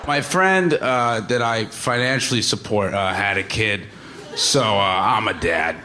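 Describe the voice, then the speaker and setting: A young man doing stand-up with a deadpan, halting delivery full of small pauses. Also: fairly low pitch, heavy background noise. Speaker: stand-up comedian. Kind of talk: stand-up routine.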